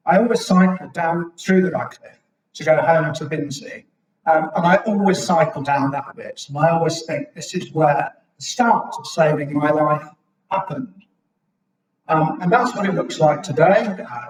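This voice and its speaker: A man's voice: fairly high pitch, slight background noise. Older British man in echoey chapel. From Britain. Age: 60s. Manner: halting, reflective, with frequent ums. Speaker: guest speaker at a local history evening. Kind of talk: reminiscing public talk. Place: chapel hall. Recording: echoey chapel, mic at a distance.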